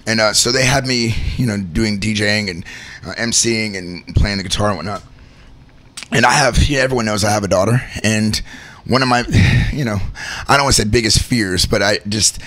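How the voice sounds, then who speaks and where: A man in his thirties, a show host and wedding DJ, telling stories in a casual, animated chat and often laughing. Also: lowish voice, brisk.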